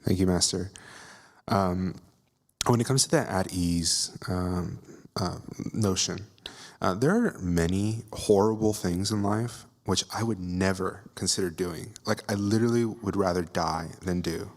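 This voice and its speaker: A man's voice: low-pitched, measured pace. A male student earnestly asking his teacher a question during a lecture. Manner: earnest, searching. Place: temple lecture hall. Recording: long hall reverb.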